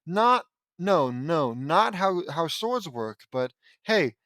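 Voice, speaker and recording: Brief: sarcastic male fan fiction reader with a lively, swooping delivery, slightly high, in a dry, close room. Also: slow pace, no echo. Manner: sarcastic, rambling, stumbles and restarts often. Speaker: audiobook reader and commentator.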